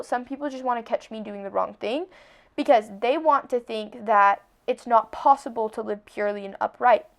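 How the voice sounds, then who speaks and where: A young woman hosting a podcast, talking earnestly and casually about her faith, with lots of "like" and restarts. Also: on the high side. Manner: chatty, earnest, heavy use of "like". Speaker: podcast host.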